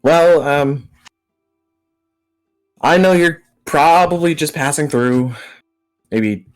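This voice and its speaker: A man's voice: fairly high pitch, slow, faint music behind, pitched above the performer's own voice. A man voicing a brash, foul-mouthed female merchant who is new to the trade and chatty and salesy. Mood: pushy, grateful.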